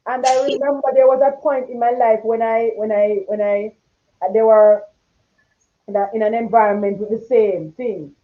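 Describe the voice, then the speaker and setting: A woman hosting a talk show in casual chat, with a strong, forceful tone that gets loud when she is passionate, heard over a video call. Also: a little high, steady tone, moderate pace. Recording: tinny phone-like line.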